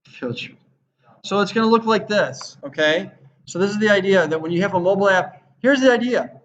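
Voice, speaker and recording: High-voiced man lecturing a class. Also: animated, brisk, a bit bright. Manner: rambling, conversational, acts out quoted lines. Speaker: web design instructor. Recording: roomy, slightly dull classroom recording.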